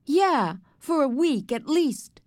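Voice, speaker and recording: A woman's voice: medium pitch, sing-song, moderate pace, no room sound, clean studio sound, lightly acted. A woman voicing an exasperated boy arguing with his little brother.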